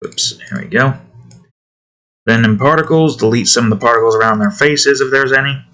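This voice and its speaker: A man's voice: mid-range voice, brisk, a bit bright. A man talking casually to himself while drawing digital art, muttering about his work and snapping at his cat. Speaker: artist drawing on stream.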